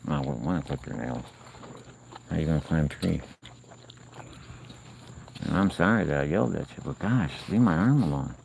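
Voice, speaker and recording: Deep gravelly man talking outdoors. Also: animated, normal speed, long pauses, darkish tone, rough recording. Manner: chatty, coaxing and scolding animals. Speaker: live stream host. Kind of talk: casual live stream chat. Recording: outdoor noise with crickets.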